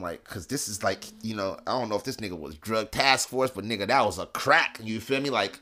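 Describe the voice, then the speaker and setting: A man's voice: fairly low pitch, a little fast, few pauses. A young man hosting a podcast, telling a story in slangy, profane casual talk and acting out the voices of the people in it. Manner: animated, acts out voices, swings from hushed whispers to loud excitement. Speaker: podcast host.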